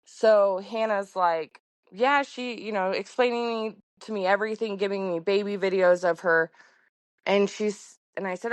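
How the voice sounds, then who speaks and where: A woman's voice: medium pitch, unhurried, no echo. A woman farmer talking as a podcast guest in a casual, heartfelt way with many fillers. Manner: chatty, heartfelt, lots of fillers. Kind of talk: casual conversation.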